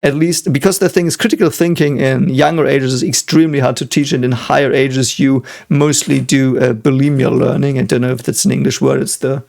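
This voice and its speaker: A man's voice: mid-range voice, steady tone, brisk, gravelly, few pauses, a little mellow. A man, a physicist, giving casual reaction commentary and analysing things reflectively as he thinks aloud. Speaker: physicist reacting to an anime episode.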